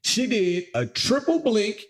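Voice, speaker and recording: A man with a high-pitched voice takes his time as he co-hosts a podcast. Chatting casually, he tells stories in a playful, animated way, laughs a lot, and speaks directly to listeners.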